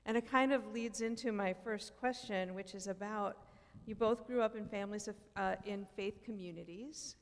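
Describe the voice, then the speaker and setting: A woman of mid pitch moderates a panel discussion in a conversational, reflective tone. Her questions ring out with a long reverb from the church hall around her. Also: moderate pace.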